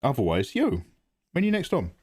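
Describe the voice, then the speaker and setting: A man's voice: mid-range voice, wildly swooping pitch, fairly quick, a little mellow, breathy edge. A man chatting casually with viewers while drawing on a livestream from his home setup. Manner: chatty, chats with viewers in the chat. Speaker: art streamer.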